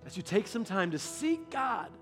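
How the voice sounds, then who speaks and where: Animated woman teaching on fasting. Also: medium pitch, faint music behind. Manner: conversational, animated storytelling. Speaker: church leader.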